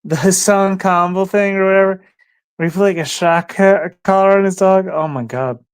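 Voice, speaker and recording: A man's voice: high-pitched, normal speed, clean tone, no room sound. A man hosting a casual livestream, rambling and musing aloud, sometimes talking to his dog. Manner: rambling, talks to his dog between thoughts. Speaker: livestream host.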